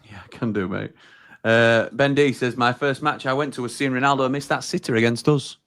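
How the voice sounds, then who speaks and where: A man with a mid-pitched voice co-hosts a live football watchalong. He reads viewer comments aloud in a relaxed, chatty tone and answers them casually. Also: brisk, no room sound, clean studio sound. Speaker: co-host reading viewer comments. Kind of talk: casual live-stream chat.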